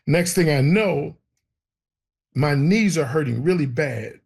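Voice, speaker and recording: A man telling a personal story in an animated way, acting out the voices of the people in it. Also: a little high, moderate pace, creaky, slightly rough. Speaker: guest telling his testimony.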